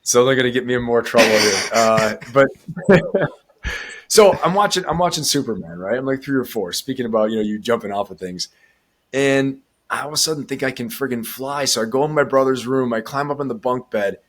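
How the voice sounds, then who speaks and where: Casting: podcast host, mid-pitched man, lively storyteller. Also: a little fast. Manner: animated storyteller, laughs often. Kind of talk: casual chat.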